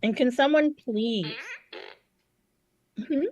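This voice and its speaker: A woman's voice: fairly high pitch, takes it slowly, highs cut off. A woman co-hosting a podcast, telling stories in casual chat with lots of profanity. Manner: animated, profane storytelling. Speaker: podcast co-host.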